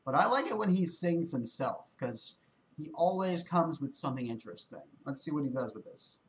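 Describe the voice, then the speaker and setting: A man's voice: on the high side, expressive, normal speed, heavy background noise. A man casually reacting to a music video, laid-back and wry, often repeating words as he thinks aloud.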